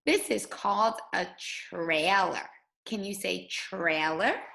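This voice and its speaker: A woman teacher leading a guided reading lesson for young children, speaking slowly and patiently. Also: mid-range voice, creaky, sharp tone, rough recording. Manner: slow, patient, sing-song teacher voice.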